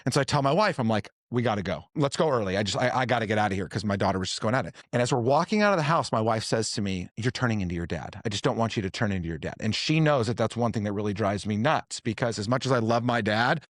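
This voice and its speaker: Steady man recounting a story, dry close sound. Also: fairly low pitch, quick pace, few pauses, no room sound. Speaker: host. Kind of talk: casual group conversation.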